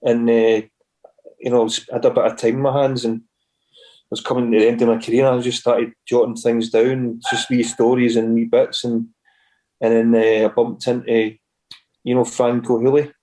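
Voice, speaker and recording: A man's voice: mid-range voice, flat delivery, moderate pace, dark tone. A Scottish man in his forties, a former footballer guest, telling rambling stories with restarts. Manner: rambling anecdotes with many restarts and acted quotes. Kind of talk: casual storytelling.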